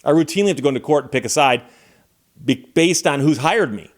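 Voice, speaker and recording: A middle-aged man from Michigan tells a story in a relaxed, chatty way, with a voice a little higher than most men's. He acts out what other people said in his anecdote. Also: quick pace. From Michigan, USA. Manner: animated anecdote-telling, acting out quoted dialogue. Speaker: channel host, attorney. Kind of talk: casual storytelling monologue.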